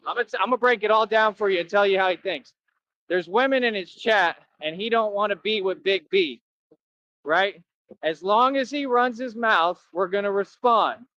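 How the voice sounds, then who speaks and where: Man, high voice, bragging, rambling livestream rant, dull lo-fi sound. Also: normal speed, sharp tone, dry recording. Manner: boastful, rambling, keeps asking "right?".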